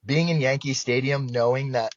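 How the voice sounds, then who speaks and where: A young man from South Jersey, a baseball pitcher guest, telling stories in a lively, profane way and acting out quoted voices. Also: normal speed. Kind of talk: casual storytelling. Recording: dull dry podcast mic.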